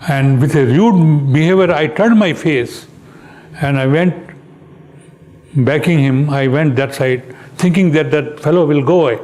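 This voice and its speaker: An older man tells a personal story in a slow, unhurried way. His voice sits fairly high for a man. He speaks earnestly and acts out the quoted dialogue as he goes. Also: darkish tone. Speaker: guest speaker.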